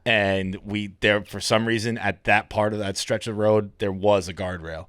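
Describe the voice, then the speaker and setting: A man's voice: lowish voice, level tone, moderate pace, a bit bright, smooth, no echo, studio quality. A man from Massachusetts, a podcast guest in casual chat, telling rambling stories and laughing at himself. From Fall River, Massachusetts.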